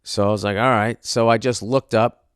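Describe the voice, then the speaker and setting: A man's voice: lowish voice, fairly even intonation, moderate pace, clean tone, dry recording, studio quality. A man hosting a podcast, telling a comic story in a profane, exasperated rant. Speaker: podcast host. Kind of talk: comedic monologue rant.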